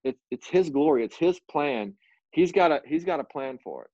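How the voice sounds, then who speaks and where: A man, a missionary guest, telling a personal story in an earnest, animated way with frequent restarts. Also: fairly high pitch, moderate pace, no echo. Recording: dull lo-fi dry sound.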